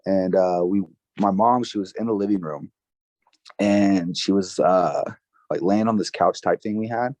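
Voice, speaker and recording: A man in his twenties, a podcast guest, telling a personal story in a casual, halting way with many fillers and restarts. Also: low-pitched, darkish tone, no echo. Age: 20s. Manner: emotional, recounting grief.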